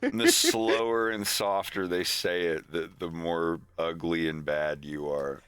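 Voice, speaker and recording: Man, smooth bright voice, playful joker in group chat. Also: low-pitched, sing-song, unhurried. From American South. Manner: joking, playful. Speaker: stream guest. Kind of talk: casual chat.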